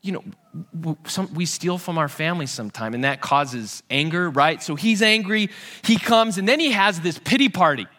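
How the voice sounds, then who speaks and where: A man preaching a sermon, retelling a Bible story with lively acted-out voices and frequent restarts. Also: a little high, moderate pace. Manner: animated storytelling, acting out Bible characters' voices. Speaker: pastor.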